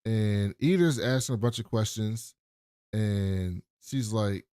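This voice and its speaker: A man's voice: on the low side, takes it slowly, warm tone, smooth, dry recording, studio quality. A man co-hosting a podcast, casually recapping a TV episode in a loose, profane storytelling way. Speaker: podcast co-host.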